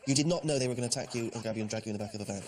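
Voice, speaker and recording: A man's voice: mid-range voice, rapid-fire, noisy background. An English man asking questions in a dry, mock-serious way as co-host. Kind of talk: casual interview questions.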